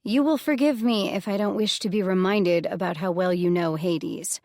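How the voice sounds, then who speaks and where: A woman's voice: mid-range voice, moderate pace, a little mellow, no room sound, studio quality, natural voice. A woman voicing a guarded young goddess in an audiobook, answering in cool, clipped, wary lines. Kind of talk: audiobook character voice.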